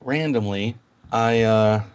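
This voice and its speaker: A man chatting casually as a podcast guest, telling animated stories and acting out what others said. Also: takes it slowly, clean tone, muffled recording. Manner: animated storyteller, quotes people in a higher voice. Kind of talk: casual chat.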